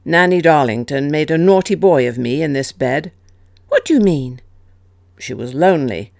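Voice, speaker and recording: A woman voicing a gentle, troubled grown man in an audiobook, speaking softly and subdued. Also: deep voice, animated, normal speed, gravelly, no room sound, clean studio sound.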